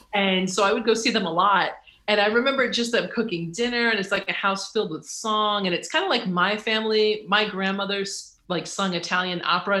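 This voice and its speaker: Guest author, bright forceful voice, storytelling energy, roomy echo. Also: medium pitch. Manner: lively, acts out quoted voices, laughs often. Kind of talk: animated storytelling in conversation.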